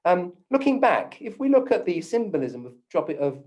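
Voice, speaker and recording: A man's voice: high-pitched, sing-song, normal speed, a little mellow. A man giving a talk, telling a personal story and acting out the voices he quotes, with frequent ums and restarts.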